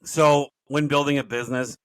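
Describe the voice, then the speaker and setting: A man's voice: medium pitch, fairly even intonation, normal speed, a bit bright, no room sound, low-quality recording. A middle-aged man, a podcast guest and business coach, telling his stories in a rambling, self-correcting way. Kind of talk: casual storytelling interview.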